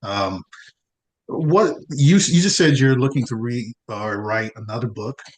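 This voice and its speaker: A man's voice: medium pitch, measured pace. A man hosting a podcast, reacting to his guest and asking questions in a casual way. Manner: brief reactions, laughs along. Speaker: podcast host. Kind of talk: casual interview chat.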